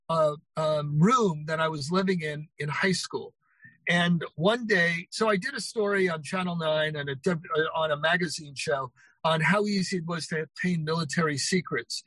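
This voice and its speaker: High-voiced older man telling anecdotes. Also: dry recording, rough recording. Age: 60s. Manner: animated retelling with quoted voices. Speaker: author guest. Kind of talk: anecdotal interview storytelling.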